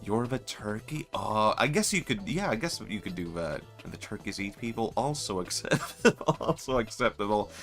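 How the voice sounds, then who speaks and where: Male streamer, low register, loose joking delivery over quiet game music. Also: lively intonation, moderate pace, few pauses. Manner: rambling, joking, often laughing. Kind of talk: casual gaming stream chat.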